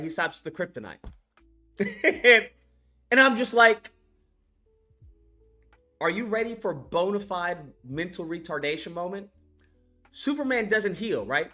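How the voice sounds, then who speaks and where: A film commentary YouTuber in an excitable, profane movie-review rant who keeps acting out scenes as they talk. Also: medium pitch. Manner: excitable, swears freely, acts out scenes.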